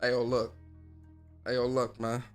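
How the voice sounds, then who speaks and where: A man's voice: mid-range voice, completely flat delivery, unhurried, soft background music. A man hosting a casual gaming livestream, speaking in loose slang and getting fired up as he talks straight to his chat. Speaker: gaming streamer and podcast host.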